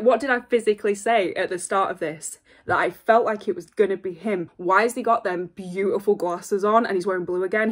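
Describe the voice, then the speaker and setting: A young woman hosting a reaction video from home, excitable and gushing, constantly apologizing while faint music plays behind her. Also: mid-range voice. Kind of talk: casual reaction vlog. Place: home room at a desk. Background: faint music playing.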